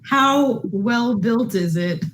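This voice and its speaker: A woman playing a tabletop game, asking the game master slow questions. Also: on the high side, slight background noise. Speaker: player.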